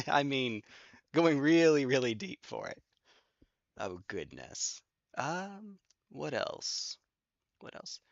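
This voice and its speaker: A man's voice: mid-range voice, big pitch swings, slow, vocal fry, pauses often, no room sound, dull audio. A man streaming online battles, joking and thinking aloud in casual commentary with lots of repeats.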